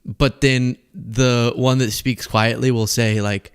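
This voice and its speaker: A man's voice: mid-range voice, level tone, slow pace, clean tone. A man hosting a political commentary show, sarcastic and giggly, often laughing as he talks.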